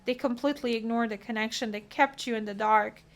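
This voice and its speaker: Fairly quick and fairly even in intonation, this woman's fairly high voice carries a solo tarot reading as she works earnestly and emotionally through what the cards signify.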